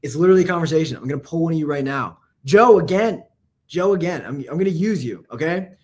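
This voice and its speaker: Fast-talking casual copywriting coach man. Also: fairly high pitch, lively intonation, darkish tone. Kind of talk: casual live lesson.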